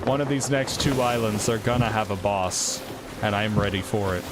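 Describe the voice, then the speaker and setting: A man's voice: lowish voice, little pitch movement, moderate pace, very noisy. A man streaming a game, chatting casually, swearing freely and thinking aloud as he plays. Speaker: gaming streamer. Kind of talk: casual live-stream commentary. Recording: loud game audio under the voice. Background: loud sea and ship sounds from the game.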